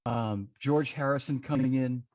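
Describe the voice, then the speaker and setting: A man hosting an interview podcast, chatting in a relaxed, slightly hesitant way. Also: medium pitch, normal speed, crowd noise. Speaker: podcast host. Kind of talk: casual interview chat.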